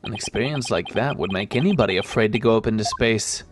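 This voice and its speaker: A woman's voice: rumbling low, fast talker. A woman voicing an upbeat young female defense lawyer who questions and cheers, with game music behind. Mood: curious. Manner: bright cheerleading, inquisitive. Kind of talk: reading game dialogue aloud.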